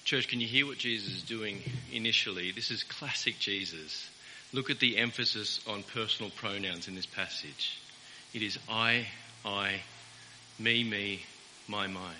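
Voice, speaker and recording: A man's voice: fairly low pitch, normal speed, bright, forceful tone. A man preaching a sermon as pastor, earnest and emphatic, repeating key words for weight. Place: church. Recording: reverberant church hall with faint hiss.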